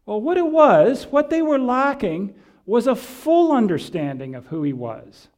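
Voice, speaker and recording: A man preaching a conversational sermon, reading scripture and explaining it with frequent pauses and fillers. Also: extremely high pitch, big pitch swings, darkish tone. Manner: reads and re-reads scripture quotations.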